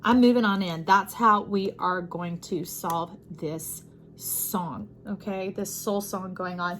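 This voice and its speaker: Animated woman giving a tarot reading. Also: medium pitch, a little hiss or hum. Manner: expressive, animated, repeats phrases for emphasis. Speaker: tarot reader.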